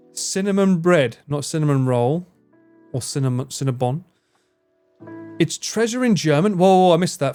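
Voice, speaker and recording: A man's voice: a little high, a little mellow. A man from England with an Essex accent, chatting casually and teasingly with viewers on a live stream, swearing and laughing often. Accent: English, Essex.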